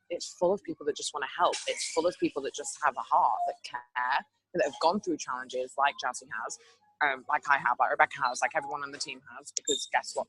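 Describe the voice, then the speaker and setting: A woman from England hosts a motivational talk, telling stories in an animated way and adding sound effects. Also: low-pitched, slightly rough, low-quality recording. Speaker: host.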